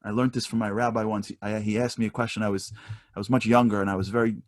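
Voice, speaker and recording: A man speaking as a motivational speaker, telling stories in a fast, animated way with many restarts. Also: fairly low pitch, no room sound, clean studio sound. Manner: fast, many restarts, voice rises when storytelling. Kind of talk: animated storytelling talk.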